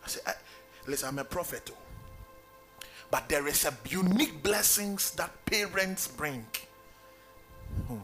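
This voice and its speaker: Male pastor, emphatic sing-song sermon delivery, bright tone. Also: fairly high pitch, animated, measured pace, long pauses, soft background music. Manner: emphatic preaching, sing-song calls for amen.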